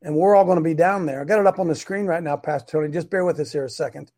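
High-pitched middle-aged guy hosting a live stream, fiery, keeps repeating himself for emphasis. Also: very fast. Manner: emphatic, repeats points, rising to loud preaching. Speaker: host of a live online show. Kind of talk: fiery preacher-style live stream talk.

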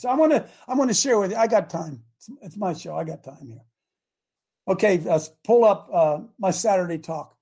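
Male talk-radio host, fiery and repetitive, high voice. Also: expressive, normal speed, breathy edge. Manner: impassioned, repetitive, shouting at times. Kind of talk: fiery call-in talk show rant. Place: studio in Ohio.

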